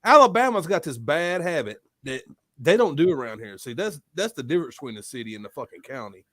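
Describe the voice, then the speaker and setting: A man's voice: fairly high pitch, sing-song, fast, fairly bright tone, no echo, clean studio sound. A young adult man telling a story in casual, profane podcast chat. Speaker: podcast host.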